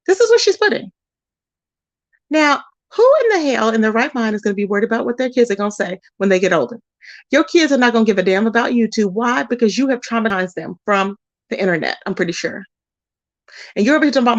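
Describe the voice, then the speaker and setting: A woman's voice: on the high side, lively intonation, brisk, no echo. A woman hosting a commentary channel, ranting bluntly and scolding someone, repeating her points and drawing out words for emphasis. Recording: dull lo-fi audio.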